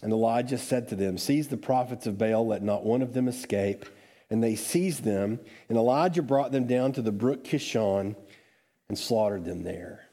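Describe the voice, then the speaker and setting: A man's voice: medium pitch, moderate pace, mellow. A man serving as pastor who leads a church congregation in prayer, then earnestly reads scripture aloud with a few small self-corrections. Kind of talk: sermon with prayer and scripture reading.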